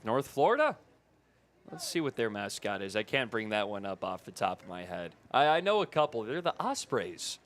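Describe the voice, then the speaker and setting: A play-by-play broadcaster with a Midwestern accent calls a baseball game, his voice rising sharply on big plays. It sits on the low side but is very animated, brisk, and a bit bright.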